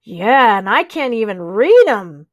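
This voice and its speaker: A woman's voice: a little high, sing-song, unhurried, no room sound, clean studio sound. A woman voicing a goofy, cheerful little schoolboy who talks in a silly, playful way. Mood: goofy boy.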